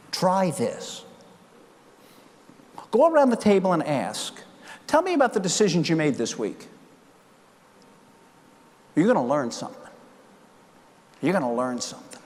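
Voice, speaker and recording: A man in his sixties, a keynote speaker, telling stories on stage and acting out the dialogue. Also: high voice. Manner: animated storyteller acting out dialogue. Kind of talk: keynote speech storytelling. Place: large conference hall. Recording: long hall reverb.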